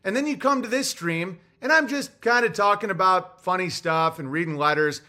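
Male comedian-streamer, high pitched, ranting and cursing, loud then muttering. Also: normal speed, hardly any pauses. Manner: profane, ranting, swings from loud bursts to low muttering. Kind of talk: casual livestream monologue.

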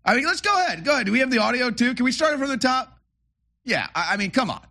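A man's voice: very high voice, sing-song, quick pace, sharp tone. A man hosting political commentary, reacting to clips in a sarcastic, mocking way. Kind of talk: opinionated commentary over clips.

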